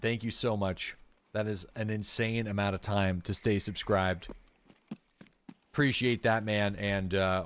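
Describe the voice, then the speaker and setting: A man streaming a game live, chatting casually with his viewers and thanking subscribers by name. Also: fairly low pitch. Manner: relaxed and chatty, with frequent fillers and asides to chat. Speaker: livestreaming gamer and host.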